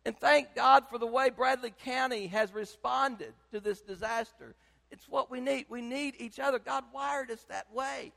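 An older man, preaching a sermon as pastor, emphatic and swinging between loud and soft. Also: extremely high pitch, normal speed, gravelly, long reverb tail.

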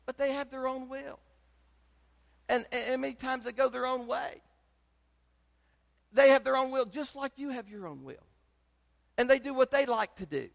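An older man, preaching a sermon as pastor, emphatic and swinging between loud and soft. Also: very high-pitched, normal speed, vocal fry, long pauses, big-room sound.

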